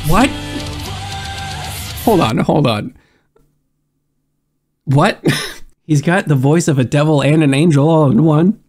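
A young man with a stuffed-up nose, hosting a casual music reaction with excitable, musing commentary. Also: on the high side, normal speed. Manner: excitable, laughs often, muses aloud. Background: faint music.

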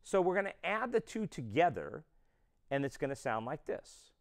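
A man's voice: fairly high pitch, big pitch swings, normal speed, faint music behind. A man teaching a drum lesson, explaining step by step and counting beats aloud. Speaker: drum instructor.

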